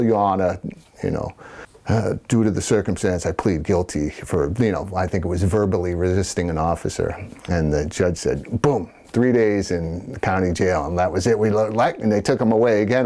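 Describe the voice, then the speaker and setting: A man's voice: on the low side, mellow. A middle-aged man, a musician, telling rambling anecdotes in a casual interview, with small laughs and restarts.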